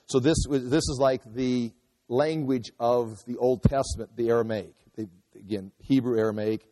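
A man's voice: mid-range voice, fairly even intonation, normal speed, warm tone. A man giving a conversational verse-by-verse Bible teaching, explaining as he goes and acting out quotes. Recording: long hall reverb.

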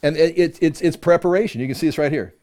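A man's voice: fairly high pitch, fast, warm tone, a little hiss or hum. A man teaching a conversational Bible-study sermon, reading verses aloud with emphasis and explaining them with rhetorical questions.

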